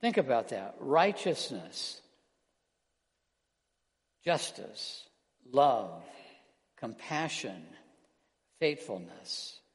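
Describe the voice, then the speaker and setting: A man preaching an earnest sermon as pastor, slowing down and softening his voice on key words. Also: medium pitch, big pitch swings. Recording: long hall reverb.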